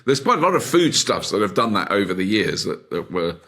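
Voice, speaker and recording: A British man sets the question on a comedy podcast and then chats about the answer. His voice is somewhat husky and mid-pitched. He rambles, with plenty of fillers and restarts. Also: sing-song, brisk, a bit bright. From Britain. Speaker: question-setter on a panel game. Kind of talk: podcast panel chat.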